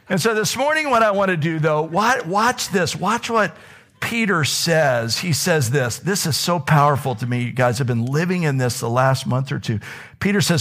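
A middle-aged man preaching a sermon as pastor, telling stories with animation and a voice that climbs high when excited. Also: moderate pace.

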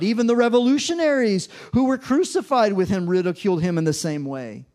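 A man's voice: high voice, brisk, few pauses, darkish tone. A man preaching a sermon, reading scripture aloud and acting out the mocking voices with drama. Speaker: pastor.

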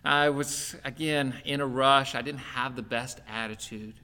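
Man, pastor, sermon, earnest conversational delivery, bright voice, long church-hall reverb. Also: medium pitch, steady tone, measured pace. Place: church worship center.

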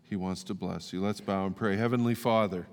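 A man pastor preaching and then leading an earnest, halting prayer to his congregation. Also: deep voice, fairly even intonation. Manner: earnest, pleading prayer with repeated halting words. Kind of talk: sermon and closing prayer. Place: church sanctuary. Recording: long reverb of a church hall.

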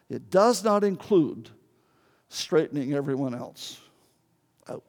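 Older male pastor, high voice, earnest storytelling sermon, long hall reverb. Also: expressive, takes it slowly, a little mellow. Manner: storytelling, earnest, pleading with the congregation.

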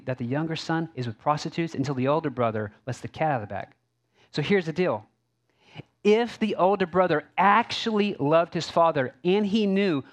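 Man, pastor, sermon, higher pitch, conversational, rhetorical questions.

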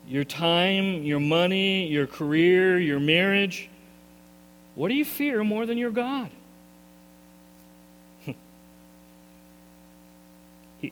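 A man's voice: high-pitched, slow, pauses often, a bit bright. A male pastor preaching a sermon in a church, earnest, often repeating his words as his intensity rises and falls. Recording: long reverb in a hall, faint mains hum.

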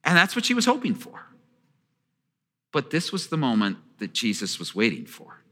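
A male pastor preaching a sermon in an animated, storytelling way, often asking the congregation questions. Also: mid-range voice. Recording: long reverb of a large hall.

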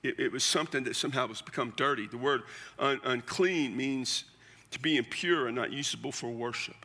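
A man's voice: medium pitch, brisk, bright, forceful tone, long reverb tail. A man preaching a sermon in a folksy, conversational way, with asides and restarts. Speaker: pastor.

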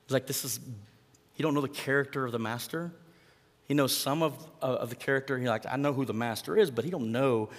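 Male pastor, mid-pitched voice, casual sermon delivery, recorded in a reverberant sanctuary. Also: brisk. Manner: conversational preaching, acts out lines from the text. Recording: long hall reverb.

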